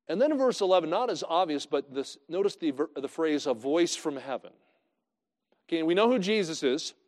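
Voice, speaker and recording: A male pastor preaching a sermon in a conversational way, swinging from loud to hushed. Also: sits high, big-room sound.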